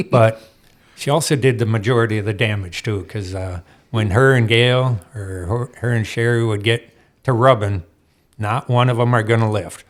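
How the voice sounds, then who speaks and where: A man spinning old racing stories as a guest in a studio. He is lively and quick to laugh, and he slips into other people's voices as he goes. His pitch sits mid-range for a man. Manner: animated, laughs often, acts out quotes. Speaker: guest, off-road racer. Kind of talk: storytelling interview chat.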